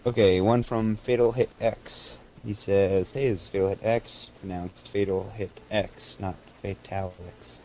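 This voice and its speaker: A man's voice: on the low side, steady tone, unhurried, few pauses, darkish tone, slight background noise, low-quality recording. A teenage boy co-hosting a gaming podcast, rambling through a funny school story with giggles. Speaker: podcast co-host. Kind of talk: casual chat, reading voicemails.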